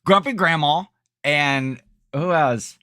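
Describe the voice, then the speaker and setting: A man's voice: a little high, slow pace, sharp tone, no echo, studio quality. A middle-aged man co-hosting a podcast in casual chat, rambling, self-correcting and laughing often. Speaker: podcast co-host.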